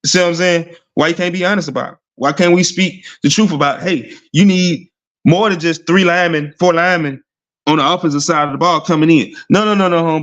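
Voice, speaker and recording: Brief: high-pitched male sports streamer, blunt and profane, rambling casual rant. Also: lo-fi sound. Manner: rhetorical "see what I'm saying?" asides. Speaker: sports talk host. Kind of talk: casual sports talk livestream.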